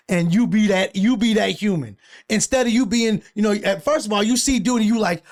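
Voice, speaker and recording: Young guy co-hosting, storytelling with a slightly high voice, lively, curses a lot. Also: fairly quick. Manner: animated, profane storytelling with acted-out quotes. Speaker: podcast co-host. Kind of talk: casual chat.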